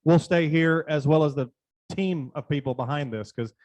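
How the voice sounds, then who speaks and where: A man's voice: fairly high pitch, normal speed, darkish tone. A man hosting a conference event, giving informal, rambling announcements with fillers. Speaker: event host.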